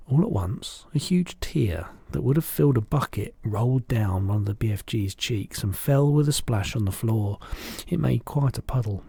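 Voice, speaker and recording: A man reading a children's book aloud in a steady storytelling manner. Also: medium pitch, normal speed, vocal fry, breathy edge, no echo. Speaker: reader.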